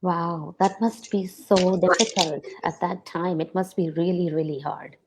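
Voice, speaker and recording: A woman with a lowish voice hosts an interview podcast. She answers her guest with empathy and affirmation, then moves the talk along with gentle questions. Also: fairly even intonation, measured pace, noisy background. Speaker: podcast host. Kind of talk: interview conversation.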